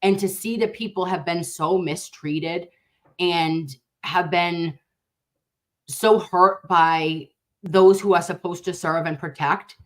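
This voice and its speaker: A woman's voice: fairly low pitch, steady tone, takes it slowly. A woman nurse hosting a casual livestream, reacting to viewer comments in a blunt, fiery and profane way, openly passionate and outraged.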